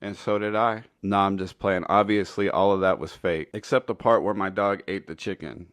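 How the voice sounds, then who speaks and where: A man's voice: low voice, steady tone, normal speed, clear, resonant tone, dry recording. A man telling a funny story in a casual, rambling, foul-mouthed way. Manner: laid-back, profane, rambling. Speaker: storytelling commentator.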